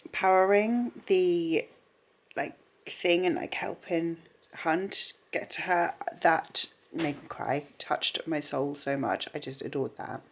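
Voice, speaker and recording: Woman, book vlogger, gushing, chatty, lots of fillers, slightly low voice. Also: gravelly. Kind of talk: casual reading vlog.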